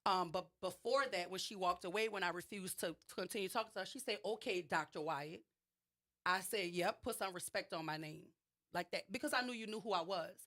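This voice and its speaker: A woman's voice: on the low side, fairly quick, fairly bright tone. A woman with a New Orleans accent, a radio show guest recounting a personal story with emphasis and frequent restarts. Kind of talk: radio interview, personal account.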